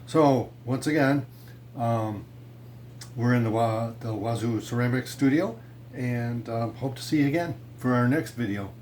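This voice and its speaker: A man's voice: mid-range voice, measured pace. Man, pottery teacher, easygoing studio demo, light background hiss. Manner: relaxed, chatty, with many fillers and restarts. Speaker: ceramics instructor. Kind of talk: casual how-to demonstration.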